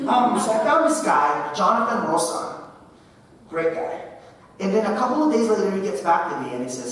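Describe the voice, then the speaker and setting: Animated man giving an echoey keynote. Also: a little high, fairly quick, slight background noise. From Philippines. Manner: animated storytelling with frequent "right?". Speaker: keynote speaker. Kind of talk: keynote speech. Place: large lecture hall. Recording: echoey hall from far off.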